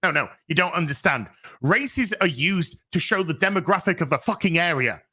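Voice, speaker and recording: Ranting man, high bright voice. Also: lively intonation, normal speed, slightly rough. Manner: profane, ranting. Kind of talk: casual podcast chat.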